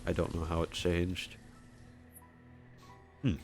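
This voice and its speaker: A man's voice: sits low, monotone, takes it slowly, gravelly, soft background music. A man with a Michigan accent, rambling and chuckling as he talks to viewers during casual gameplay commentary. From Michigan, USA. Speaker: streamer.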